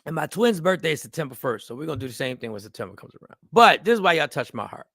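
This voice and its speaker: A man in his forties hosting a casual live show, animated and rambling, often repeating phrases. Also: fairly high pitch, racing, vocal fry, no echo, clean studio sound. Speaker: comedian and show host. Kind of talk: casual live-stream talk.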